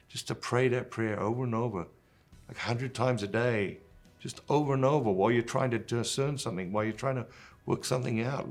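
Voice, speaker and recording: This middle-aged host of a Catholic gospel reflection speaks fairly quickly in a mid-range voice, with soft music playing behind him. After reading the scripture aloud, he talks it through in an earnest, conversational manner marked by fillers and restarts.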